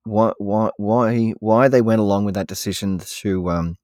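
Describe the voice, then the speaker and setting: A man's voice: on the low side, unhurried, darkish tone, no room sound, clean studio sound. A man co-hosting a podcast in casual chat, speaking hesitantly with many restarts. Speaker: podcast co-host.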